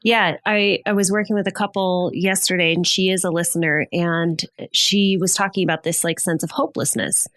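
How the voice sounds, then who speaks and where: A woman's voice: on the low side, fairly even intonation, fairly bright tone, no room sound. Playful woman therapist co-hosting. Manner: playful, teasing, quick to laugh. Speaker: therapist and podcast co-host. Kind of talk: casual chat.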